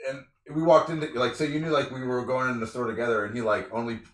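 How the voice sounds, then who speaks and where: A man who is a guest on a casual chat, rambling quickly through his side of a story. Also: mid-range voice, steady tone, crowd noise. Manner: rapid, rambling, laughing asides. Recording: roomy echo, distant mic.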